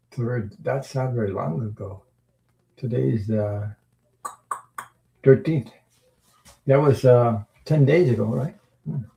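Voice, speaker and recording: Gravelly, dark-voiced man chatting with viewers. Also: medium pitch, rough recording. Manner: rambling, halting, with frequent fillers and chuckles. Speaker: tarot livestream host. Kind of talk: casual livestream chat reading viewer comments.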